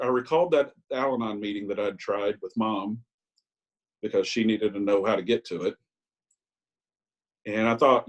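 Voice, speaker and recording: On a rough recording, a mid-range male voice belongs to an Al-Anon speaker in his sixties. He gives a frank recovery share over video call, with self-deprecating asides and halting ums.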